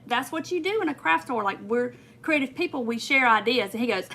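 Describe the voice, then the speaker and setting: A woman's voice: a little high, lively intonation, brisk, vocal fry, a bit bright. A woman chatting on a crafting livestream, rambling through a story and talking straight to her viewers while she works. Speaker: crafting channel host.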